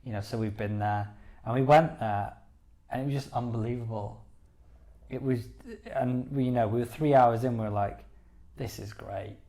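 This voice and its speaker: A man's voice: mid-range voice, steady tone, moderate pace, mellow. A man co-hosting a podcast, chatting casually and enthusiastically with lots of "you know"s. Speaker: podcast co-host. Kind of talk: casual chat.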